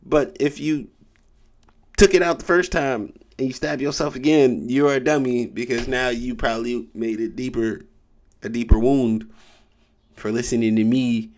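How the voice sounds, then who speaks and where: A man's voice: mid-range voice, fairly even intonation, normal speed, a little mellow. A man giving a casual tarot reading, joking around and stumbling as he reads passages aloud. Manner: rambling, joking, stumbles over read-aloud text. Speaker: tarot reader.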